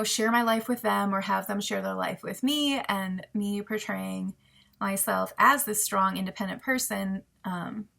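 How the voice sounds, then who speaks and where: A woman's voice: mid-range voice, vocal fry, fairly bright tone. Candid young woman getting emotional. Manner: candid and emotional, laughing through tears, frequent ums. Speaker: vlogger. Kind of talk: personal advice vlog.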